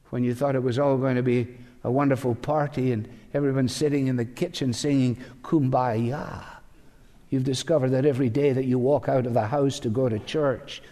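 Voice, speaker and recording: A man's voice: medium pitch, warm tone. Emphatic preacher man in a reverberant hall. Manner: emphatic, poses rhetorical questions to the listeners. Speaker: pastor. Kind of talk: sermon.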